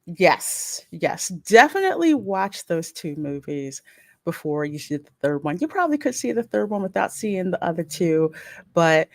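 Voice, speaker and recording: A woman hosting a casual pop culture podcast, opinionated and animated, often laughing. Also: fairly low pitch, normal speed, no echo, studio quality. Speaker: podcast host.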